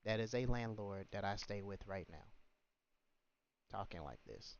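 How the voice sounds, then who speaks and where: A man's voice: lowish voice, expressive, a little slow. A man hosting a livestream, talking in an indignant, scolding way with many rhetorical questions. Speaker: livestream host. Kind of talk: ranting livestream commentary. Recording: muffled, lo-fi stream audio.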